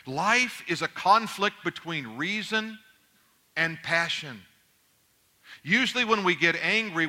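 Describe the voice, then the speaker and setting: A man's voice: sits high, bright, forceful tone. A middle-aged male pastor preaching a conversational sermon, acting out little dialogues from home life.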